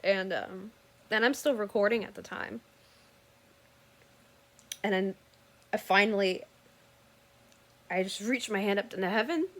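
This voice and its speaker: A woman's voice: medium pitch, unhurried, pauses often. A woman earnestly recounting a personal story in casual, rambling talk that often corrects itself mid-sentence.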